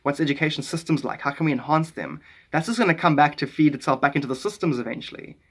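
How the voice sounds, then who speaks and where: A South African man chats on a live stream in a casual, rambling way. His voice sits a little higher than most men's. He is animated and keeps jumping between ideas. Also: quick pace.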